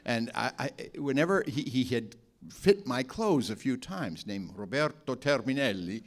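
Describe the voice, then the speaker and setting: A man's voice: mid-range voice, unhurried. A man, an actor guest, telling anecdotes in casual talk and laughing often. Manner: laughs often, animated storyteller.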